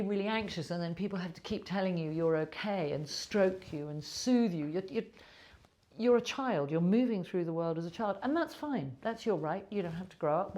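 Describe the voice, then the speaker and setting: A woman's voice: lowish voice, dark tone. Frank, emphatic middle-aged woman therapist. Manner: frank and emphatic, candid, sometimes salty. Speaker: trauma therapist. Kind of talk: reflective talk to camera. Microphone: own recording device.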